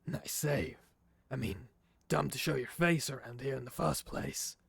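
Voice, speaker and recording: A man voicing a gruff, streetwise male vampire informant with a gravelly voice. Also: medium pitch, a little slow, fairly bright tone, no room sound, exaggerated voice.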